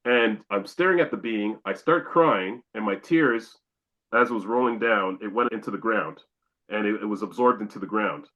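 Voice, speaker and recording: Low-voiced man telling a vivid story. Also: moderate pace, dull audio. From Canada. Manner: animated, acts out his own exclamations. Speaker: podcast guest. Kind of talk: storytelling in a podcast interview.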